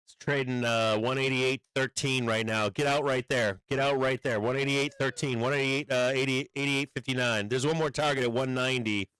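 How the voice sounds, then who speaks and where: A man hosting a live stock trading stream, talking through charts and swearing loudly when a trade turns against him. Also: mid-range voice, a little fast, few pauses, smooth, no echo. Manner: profane, swings from calm chart talk to furious outbursts. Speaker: livestream trading host. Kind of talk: live market stream commentary.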